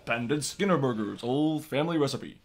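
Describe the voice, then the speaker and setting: A man's voice: mid-range voice, expressive, normal speed. A man voicing a fussy, nervous middle-aged male school principal in a comedy sketch, flustered and stammering excuses.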